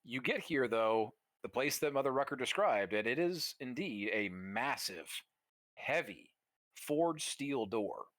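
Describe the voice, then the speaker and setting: A man's voice: mid-range voice, lively intonation, a little slow, a bit bright, dry recording, studio quality. A man running a tabletop game as game master, describing scenes vividly with casual fillers.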